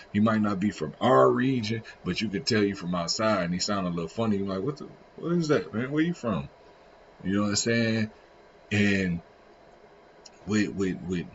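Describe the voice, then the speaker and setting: Male streamer, low-ish voice, slangy rambling reaction talk, muffled stream audio. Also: slight background noise. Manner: rambling, slangy, frequent restarts. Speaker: live streamer. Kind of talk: casual reaction commentary. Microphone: streaming setup.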